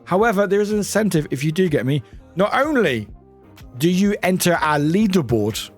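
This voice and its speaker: A man's voice: sits high, lively intonation, moderate pace, faint music behind. A British man streaming live, chatting casually with viewers, swearing freely and laughing often.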